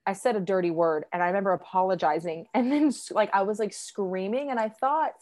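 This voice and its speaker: A woman's voice: mid-range voice, brisk, darkish tone. A young woman in casual conversation, telling a personal story in a chatty way, with lots of fillers and quoted voices. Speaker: guest sharing a birth story.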